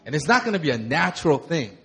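A young adult man preaching a sermon, talking conversationally, with animated storytelling and laughter. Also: on the high side, fast, creaky, husky. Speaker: pastor.

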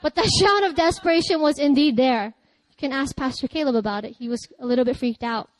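At a brisk pace, a woman pastor preaches in a chatty, lively style full of laughter and sudden loud cries. Her high voice is recorded close to the mic without echo or any sense of the room, and the quality is low.

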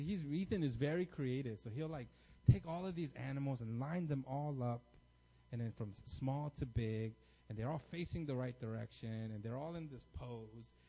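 A man in his thirties preaching a sermon, telling stories with lots of energy and checking in with the crowd by asking "right?". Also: mid-range voice. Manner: animated storytelling, frequent "right?" tags. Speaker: pastor. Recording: dull lo-fi recording.

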